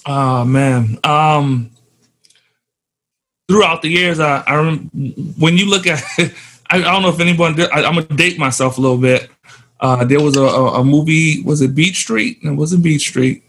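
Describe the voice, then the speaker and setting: A male pastor chats on a ministry podcast, building his points into sermon-like sayings. His voice is a little high for a man and has a husky texture. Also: normal speed, fairly bright tone. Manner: reflective, preachy turns of phrase. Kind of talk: casual chat about ministry.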